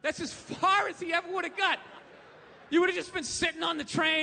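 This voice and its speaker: Ranting, profane stand-up comedian. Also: male voice, very high-pitched, fairly even intonation, fast, gravelly. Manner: loud, ranting, profane, acts out voices. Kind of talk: stand-up rant. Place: live comedy venue. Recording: reverberant live venue with faint ambience.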